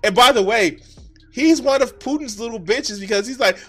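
Excitable high-voiced swearing male streamer. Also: normal speed, husky, soft background music. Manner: excitable, swearing, breaks into giggles. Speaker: streamer reacting to videos. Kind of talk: profane live-stream reaction commentary.

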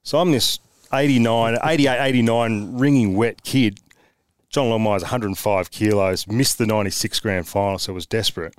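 An Australian man, a former footballer, telling blunt, animated stories as a podcast guest with mild swearing. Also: fairly low pitch, normal speed, smooth, no echo, clean studio sound. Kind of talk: casual storytelling chat.

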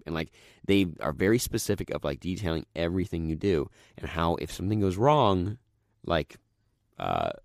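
Young man, very deep voice, casual rambling chat, lots of fillers, dry close sound. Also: no echo. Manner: rambling, many fillers, drops into low quiet voice for quotes. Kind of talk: casual chat, retelling stories.

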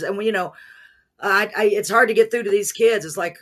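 A woman hosting an interview show, chatting in a gushing, emotional way that comes in animated bursts. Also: medium pitch, normal speed. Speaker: podcast host. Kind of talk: casual interview chat.

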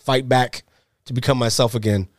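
A man's voice: mid-range voice, fairly even intonation, moderate pace, no room sound, studio quality. A middle-aged man co-hosting a podcast, chatting casually and profanely in long rambling stretches. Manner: profane, rambling, acts out voices. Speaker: podcast co-host.

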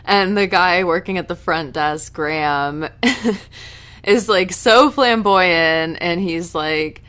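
A woman casually recapping a TV episode in a chatty, animated way, now and then breaking into loud outrage. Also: lowish voice, takes it slowly. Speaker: TV recap host.

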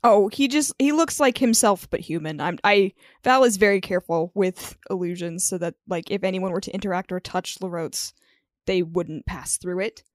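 A woman's voice: fairly low pitch, moderate pace, no echo, clean studio sound. A woman playing a tabletop game, chatting casually as a player.

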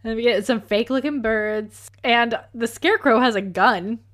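A woman's voice: on the high side, moderate pace, fairly bright tone. Giggly woman chatting about a movie. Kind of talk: casual movie recap chat.

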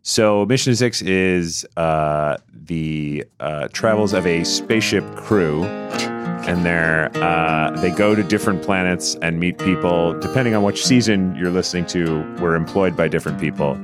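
A man's voice: low-pitched, unhurried, music in the background. A man guesting on a podcast, explaining his show hesitantly with dry humor. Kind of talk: casual chat.

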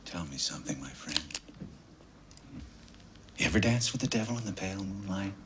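The Joker, a grinning sinister criminal. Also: male voice, low voice, expressive, moderate pace. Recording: movie clip with clear noise.

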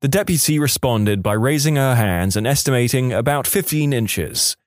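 A man's voice: mid-range voice, expressive, normal speed, dry recording, clean studio sound. A man narrating online stories as the host of a story channel, with wry asides. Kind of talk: reading reddit stories aloud.

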